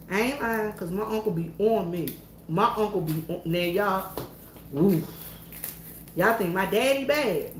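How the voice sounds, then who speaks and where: A woman's voice: fairly low pitch, roomy sound, slight background noise. A Southern woman chatting to her viewers in a folksy, storytelling way, alone in an empty church. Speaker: church worker and vlogger. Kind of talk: casual chat to viewers.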